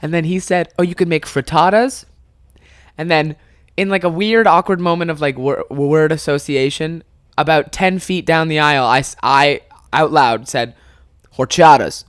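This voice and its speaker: A man's voice: on the high side, moderate pace, clear, resonant tone, dry recording, studio quality. A young man from Canada hosting a podcast, telling a funny story casually, swearing often and breaking into laughter. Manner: animated, swears a lot, bursts into laughter. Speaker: podcast host.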